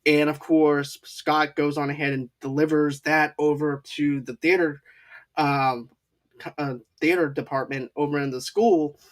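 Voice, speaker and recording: A man's voice: a little high, steady tone. A man hosting a casual movie review podcast, rambling through plot recaps. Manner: rambling plot recaps with quick acted quotes. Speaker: podcast host.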